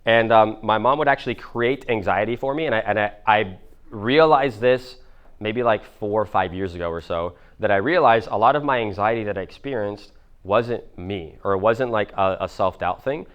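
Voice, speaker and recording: A man's voice: on the low side, normal speed, clear, resonant tone, muffled recording. A man in his twenties, a business coach answering audience questions, talking casually with lots of fillers and swearing. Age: 20s. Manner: acts out others' voices in quoted dialogue. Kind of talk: live coaching Q&A.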